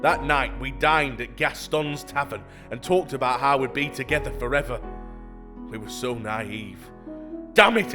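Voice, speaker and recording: A man's voice: fairly high pitch, voice pushed up, close to an everyday voice. A man voicing a lovesick, melodramatic fake banker, reading over-the-top love letters over faint music. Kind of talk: reading bait emails aloud.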